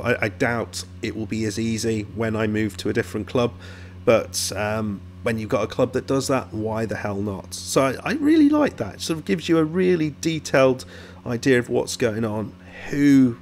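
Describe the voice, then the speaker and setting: A man talks in a loose, rambling way, stopping and restarting his sentences as he thinks aloud. His pitch sits in a middling range. A faint hum runs under the recording. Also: creaky. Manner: rambling, self-interrupting, chatty. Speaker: YouTube host reviewing game blogs. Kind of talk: casual commentary while browsing.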